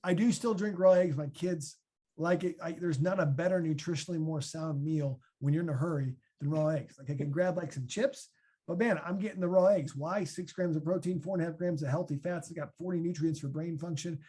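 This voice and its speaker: A man in his thirties with a Midwestern American accent, answering podcast questions as a former linebacker in a chatty, animated way. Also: fairly high pitch, a little fast, husky. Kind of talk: casual podcast Q&A.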